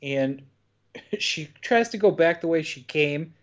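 Man, from the US, casual podcast recap, wry, swears, a little high-pitched, muffled lo-fi sound. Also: lively intonation, slow. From United States. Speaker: podcast co-host. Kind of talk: casual movie recap chat. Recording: dull lo-fi podcast audio.

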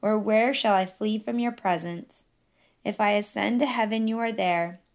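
A woman reading a memoir aloud, voicing a devout man who slowly recites scripture. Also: medium pitch, lightly acted. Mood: solemn.

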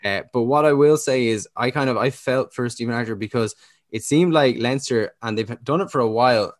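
An Irish man talking through a casual sports podcast from his home. His voice sits at a middle pitch and sounds dry and close, with almost no room around it. He rambles, then gets animated when he argues a point. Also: a little fast, dry recording. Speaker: podcast co-host.

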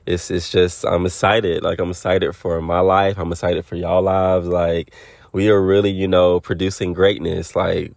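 A young man with a very deep, gravelly voice, close to a dry mic. He hosts a laid-back motivational podcast, offering spiritual encouragement and repeating his phrases for emphasis. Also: no room sound. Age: 20s. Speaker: podcast host. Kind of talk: casual motivational monologue.

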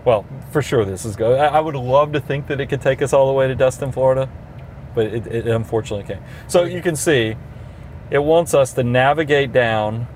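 A man's voice: mid-range voice, a little fast, a little mellow, slight background noise. A middle-aged man with a Southern US accent, talking through features in casual, enthusiastic car review chat, recorded inside a car. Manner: enthusiastic, explanatory. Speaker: podcast co-host.

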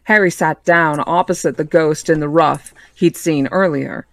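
Book club host, reading aloud, middle pitch, plain and measured, dry close sound. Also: creaky, a bit bright, dry recording. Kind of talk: reading aloud a novel, casual.

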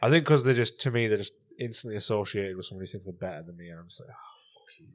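A man co-hosting a podcast, chatting casually and telling animated stories with lots of swearing. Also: lowish voice, racing. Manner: swears a lot, animated storytelling. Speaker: podcast co-host. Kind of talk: casual chat.

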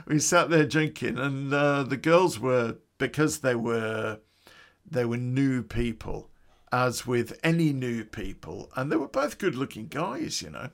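A man recounts an old tale for his podcast, loose and conversational, swearing freely and chuckling at his own asides. His voice is gravelly with a mid pitch. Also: lively intonation, measured pace. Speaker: storyteller, podcast host. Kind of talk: casual podcast storytelling.

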